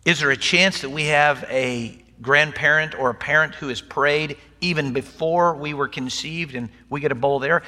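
An older man delivers a sermon in an easygoing, conversational manner, slipping in humor between points. His voice is a bit high and very bright. It rings out with a long echo across a church sanctuary. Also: fairly even intonation, normal speed, hardly any pauses. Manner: folksy, conversational preaching with humor. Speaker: pastor. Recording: long hall reverb.

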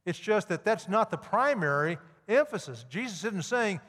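A man's voice: high voice, animated, normal speed, a bit bright. Man, pastor, sermon, emphatic delivery, long hall reverb. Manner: emphatic preaching, rising sharply on key points.

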